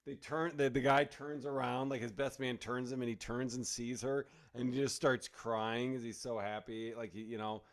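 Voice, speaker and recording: A man's voice: mid-range voice, normal speed, hardly any pauses. A man co-hosting a podcast, a comedian telling stories in casual chat and acting out the people he quotes. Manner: animated storyteller, acts out quotes.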